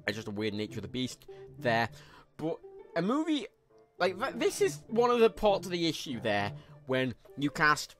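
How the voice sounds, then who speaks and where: Man, game streamer, frank sweary commentary, slightly high voice. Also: wildly swooping pitch, normal speed, a bit bright, faint music behind. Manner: rambling, frank and sweary, reading chat aloud. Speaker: livestreamer. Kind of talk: live gameplay commentary.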